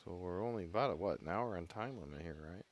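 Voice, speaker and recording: A man's voice: low-pitched, animated, fast. A man doing color commentary at a local baseball game, joking and teasing his partners. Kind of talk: casual local sports broadcast.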